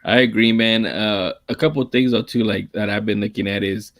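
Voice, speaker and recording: Low-voiced man rambling through sports talk. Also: fairly quick, no room sound. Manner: rambling, restarts often, calls himself monotone. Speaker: podcast co-host.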